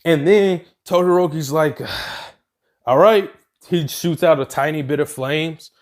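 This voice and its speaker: A man's voice: on the high side, steady tone, measured pace, a little mellow. A man casually narrating a made-up fan story, rambling along with plenty of fillers and self-corrections.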